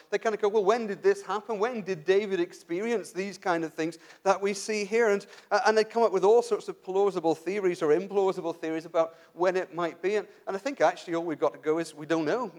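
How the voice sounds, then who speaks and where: A man with a high voice preaching a sermon. He talks conversationally, restarting sentences and asking rhetorical questions, and drops to a soft, quiet voice for emphasis.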